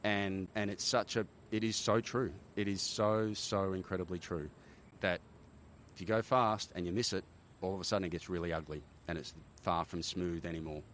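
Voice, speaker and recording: Deep-voiced Australian man telling war stories. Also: normal speed, a little hiss or hum. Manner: animated war-story telling, frequent "right?" tags. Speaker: guest, former army helicopter pilot. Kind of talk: casual storytelling interview.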